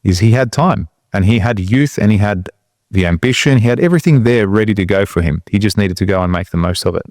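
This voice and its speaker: A man's voice: fairly low pitch, animated, fast, a little mellow, dry recording, studio quality. A man co-hosting a podcast, telling motivational stories in a casual, earnest way. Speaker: podcast co-host.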